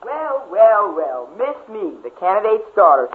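A man's voice: high-pitched, sing-song, measured pace. A smug, sneering young man on old radio. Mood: mocking. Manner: sneering, mocking. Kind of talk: 1940s radio acting. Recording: tinny old radio broadcast with faint hiss.

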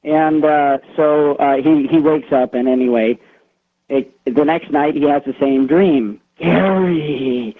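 A man's voice: fairly high pitch, fairly even intonation, unhurried. Man caller on a tinny phone line. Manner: rambling storytelling with many fillers. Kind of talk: telling a ghost story on a call-in show.

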